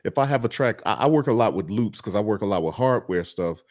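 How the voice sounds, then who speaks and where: A man co-hosting a podcast, talking casually about beat-making gear, relaxed and quick to laugh. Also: lowish voice, no room sound. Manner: relaxed, laughs easily, slangy. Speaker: podcast co-host, beatmaker. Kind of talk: casual chat about music production gear.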